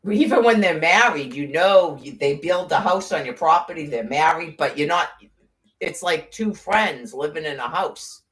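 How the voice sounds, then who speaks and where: A woman's voice: deep voice, expressive, moderate pace. A middle-aged woman in casual chat, rambling, blunt and profane, with sarcastic asides. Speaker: podcast host.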